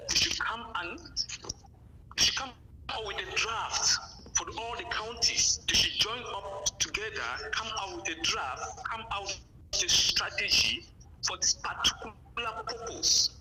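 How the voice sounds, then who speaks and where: A man's voice: sits high, a little slow, bright, forceful tone. A man calling in to a radio show, speaking urgently and insistently over an echoey, noisy phone line. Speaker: caller. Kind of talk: call-in phone contribution.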